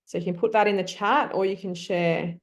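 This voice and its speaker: A woman leads a live online class over a computer mic. She coaxes her students to join in and pauses with ums as she works out her thoughts aloud. Her pitch sits in a middle range. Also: fairly even intonation. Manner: coaxing, thinks aloud with frequent ums. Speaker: teacher.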